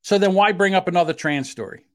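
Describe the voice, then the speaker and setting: A man with a South Jersey accent co-hosts a podcast in a casual, argumentative way. He gets defensive fast and pushes his pitch up when he presses a point. The sound is dry and close, with no room around it. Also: a bit bright, dry recording. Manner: defensive, heated, quick to rise in pitch; admits a short temper. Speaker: podcast co-host.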